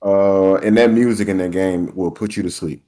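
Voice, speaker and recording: Laid-back low-voiced man. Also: steady tone, moderate pace, warm tone. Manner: laid-back, laughs often. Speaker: podcast co-host. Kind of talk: casual gaming chat.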